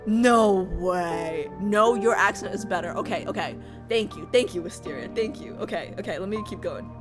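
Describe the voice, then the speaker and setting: A young woman streamer commenting on a game, giggly and excitable. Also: medium pitch, brisk. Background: game music.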